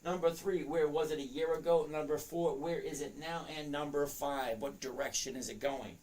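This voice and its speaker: A man's voice: on the high side, steady tone, normal speed, a little mellow. A man hosting a casual live stream on trading, greeting chat viewers by name in an upbeat, chatty way. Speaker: livestream host teaching stock trading.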